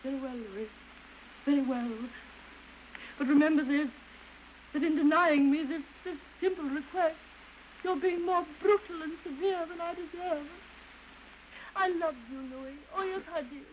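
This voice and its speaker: A woman's voice: high-pitched, moderate pace, long pauses, phone-quality sound, close to an everyday voice. An actress playing a disgraced wife who begs tearfully to see her son, in theatrical early film style, on an old hissy soundtrack. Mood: pleading. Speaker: estranged wife. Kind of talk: early 1930s film acting.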